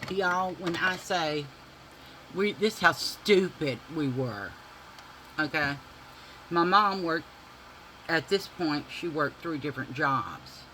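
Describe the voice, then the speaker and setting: A man with a drawl spins rowdy, cussing childhood stories to his viewers while putting on makeup. He talks slowly, his voice fairly high and bright, with a faint hiss of noise behind him. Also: low-quality recording. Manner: animated, profane, drawling storyteller addressing viewers as y'all. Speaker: beauty vlogger. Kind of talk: casual storytelling while doing makeup.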